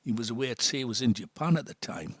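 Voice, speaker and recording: Husky old North East English man. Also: medium pitch, lively intonation, fast talker, fairly bright tone, dry recording. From Sunderland, England. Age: 70s. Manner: chatty, laughs often, drops to a near whisper on serious points. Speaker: missionary priest, guest. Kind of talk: casual storytelling chat.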